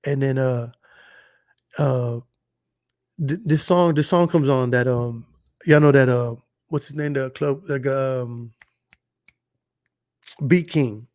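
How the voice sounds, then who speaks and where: A man's voice: medium pitch, slow, long pauses, a little mellow, no echo, clean studio sound. A man co-hosting a casual podcast, telling stories in a loose, profane way and often asking "you know what I'm saying?". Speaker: podcast co-host.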